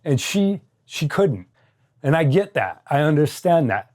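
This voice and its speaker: A man's voice: on the high side, sing-song, measured pace, a little mellow. A middle-aged man from the United States, a guest telling his story in an interview with raw intensity, swearing freely and often adding "right?".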